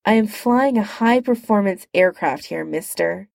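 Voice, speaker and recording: A woman reading the lines of a quick-witted, flirtatious male inventor flying a plane, in a wry, teasing way. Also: medium pitch, lively intonation, creaky, darkish tone, dry recording, studio quality. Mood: bantering.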